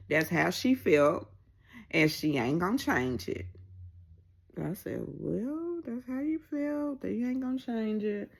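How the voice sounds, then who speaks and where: Gravelly woman chatting a TV recap. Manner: animated, acts out quoted lines with pitch jumps. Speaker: reality TV recap vlogger. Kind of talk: casual recap chat.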